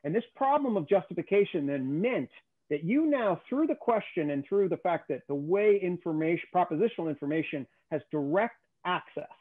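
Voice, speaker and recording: Brief: male guest, slightly high voice, emphatic explainer, thin telephone-like sound. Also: animated, fairly quick. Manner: emphatic, keeps checking in with "okay?". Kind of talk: conversational lecture on theory. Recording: tinny phone-like call audio.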